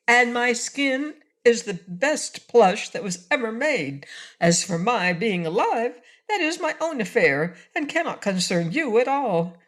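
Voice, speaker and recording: A woman voicing a small stuffed toy bear sentry in an audiobook, squeaky, prim and pleased with himself. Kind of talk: audiobook reading.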